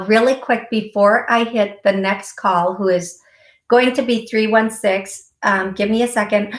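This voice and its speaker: Woman psychic radio host, slow, giggly, gives firm repeated advice; roomy echo. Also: medium pitch. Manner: warm, giggly, direct advice with repeated warnings. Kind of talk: call-in psychic reading.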